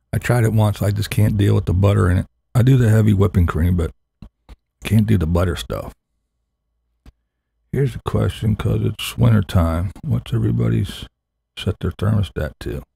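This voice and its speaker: A man's voice: fairly low pitch, moderate pace, vocal fry, pauses often, warm tone, breathy edge, no echo. A man hosting a laid-back, crude morning live stream chat, talking to viewers in the chat.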